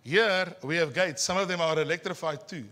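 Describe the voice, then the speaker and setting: This pastor from South Africa speaks with an Afrikaans accent in a slightly high voice, giving a lively, teasing sermon in church. He slows down deliberately for emphasis.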